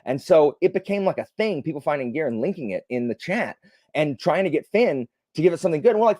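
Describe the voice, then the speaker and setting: A man's voice: on the high side, fast, no echo, studio quality. A young adult man hosting a livestream, telling stories in a casual, rambling way with lots of fillers. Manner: rambling, animated storytelling with many fillers. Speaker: livestream host. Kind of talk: casual chat.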